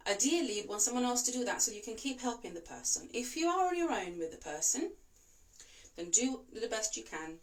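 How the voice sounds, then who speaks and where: A woman, a voice and breathing coach whose first language is not English, giving calm, reassuring instructions and demonstrating slow breaths. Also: a little high, recorded from a distance. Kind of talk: instructional talk to camera.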